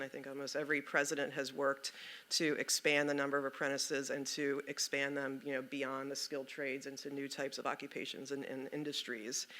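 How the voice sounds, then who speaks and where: A man speaking as a policy panelist, measured and articulate with occasional fillers. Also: a little high, pushed and bright. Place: conference meeting room.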